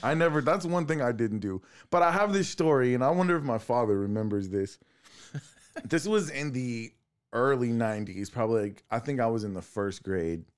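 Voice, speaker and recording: Guy in his thirties, podcast co-host, lively swing in pitch, laughs through his stories. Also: moderate pace, clean tone. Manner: laughing storyteller, lots of swearing. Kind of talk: casual chat.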